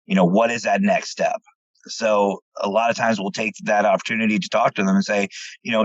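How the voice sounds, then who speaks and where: This is a central Pennsylvania man, a paranormal investigator, spinning stories in a relaxed interview with fairly low pitch and a brisk pace. He's an animated teller who acts out quoted dialogue and repeats words. The audio is dull, lo-fi and dry, with no room sound.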